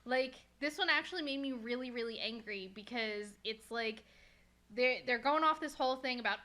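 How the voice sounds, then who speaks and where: A woman's voice: fairly high pitch, moderate pace, pushed and bright. A woman hosting a casual podcast chat, talking bluntly and swearing freely as she rants. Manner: blunt and profane, ranting. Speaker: podcast host.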